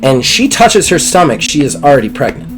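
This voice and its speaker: A man narrating a tabletop game as game master, relaxed and halting. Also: medium pitch, music in the background.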